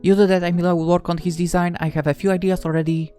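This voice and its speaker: A woman voicing a dry, unimpressed young female best friend in a visual novel, with a deadpan delivery. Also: fairly low pitch, quick pace, smooth, faint music behind, voice pushed up, close to an everyday voice. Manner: deadpan, flat. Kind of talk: visual novel read-aloud.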